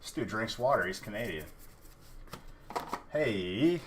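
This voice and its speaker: A man's voice: on the low side, normal speed, a bit bright, slight background noise. A man hosting a live card-opening stream, chatting casually and teasing his viewers. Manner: joking, teasing chat viewers. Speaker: livestream card breaker.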